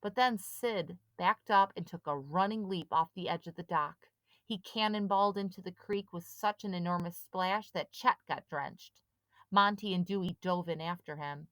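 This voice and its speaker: A woman reads a storybook aloud with steady, dramatic pacing. Her voice sits low for a woman, and the recording is dry and close. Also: normal speed, no echo. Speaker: audiobook reader. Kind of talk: storybook narration.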